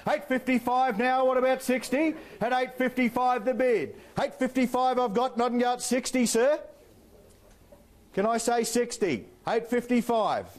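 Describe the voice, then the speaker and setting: An Australian man working as an auctioneer, calling bids in a rapid rhythmic patter with playful banter to the bidders. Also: very high-pitched. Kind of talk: live property auction calling.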